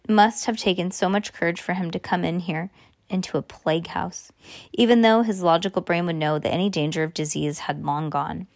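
A woman reading a first-person children's story aloud in a steady, earnest way. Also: lowish voice, dry recording, studio quality. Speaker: audiobook narrator.

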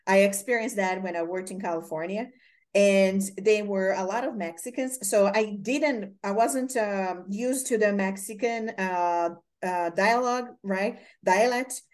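Medium in pitch and darkish in tone, her voice moves at a measured pace. She's a Brazilian-accented host from Brazil, Portuguese being her native tongue, chatting casually in an interview and rambling through stories thick with fillers.

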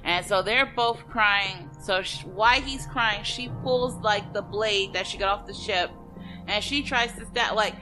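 A woman's voice: mid-range voice, a little slow, over music, rough recording. A woman chatting casually as she recaps a film, full of fillers and quoting the characters. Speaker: podcast co-host recapping a film. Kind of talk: casual chat.

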